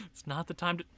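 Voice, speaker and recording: A man giving casual, excitable commentary on a hockey video game, talking to his players and breaking into shouts and laughter. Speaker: gaming YouTuber.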